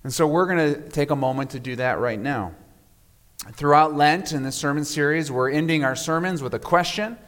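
A man preaching a sermon as pastor, measured and reflective, often letting his voice fall to a soft hush at the end of a phrase. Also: on the high side. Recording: long reverb of a large hall.

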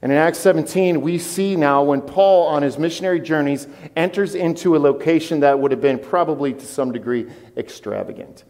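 A man preaching a sermon as pastor, animated and conversational with his congregation. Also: a little high, a little fast, few pauses, long reverb tail. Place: church.

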